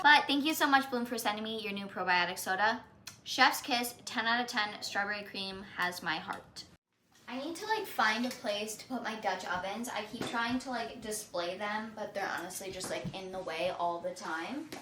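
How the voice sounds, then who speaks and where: In an echoey kitchen with a noisy background, a young woman with a mid-range voice makes a casual lifestyle vlog, talking to the camera as she cooks. She's chatty and says "like" a lot.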